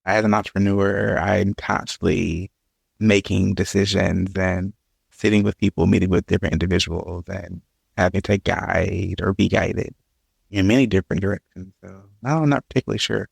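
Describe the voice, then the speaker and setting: Male guest, deep gravelly voice, casual, dry close sound. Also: fairly even intonation, normal speed, dry recording. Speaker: guest, entrepreneur and podcaster. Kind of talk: casual conversation.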